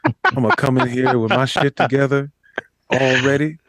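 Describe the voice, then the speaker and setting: A man co-hosts a podcast, joking and teasing in slangy, casual banter. His medium-pitched voice is fairly even and moderately paced, with a little hiss or hum in the background.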